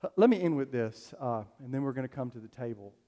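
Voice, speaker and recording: A man's voice: mid-range voice, animated, quick pace, dark tone. A man preaching a sermon as a pastor, telling stories in a loose, conversational way with plenty of fillers. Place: church sanctuary. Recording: long hall reverb.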